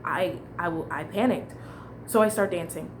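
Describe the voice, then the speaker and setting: A woman's voice: fairly low pitch, normal speed, slight background noise. A young adult woman telling a casual storytime monologue, candid and rambling, restarting her sentences and swearing freely. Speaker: vlogger.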